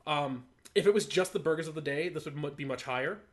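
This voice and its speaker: A man co-hosting a casual podcast, opinionated and animated as he thinks aloud about a cartoon. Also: a little high, quick pace, a loud crowd. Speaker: podcast co-host.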